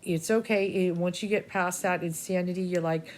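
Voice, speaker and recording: A woman with a Boston accent giving an emotional, rambling spiritual talk, halting often and swearing freely. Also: fairly low pitch, steady tone, darkish tone. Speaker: spiritual reader.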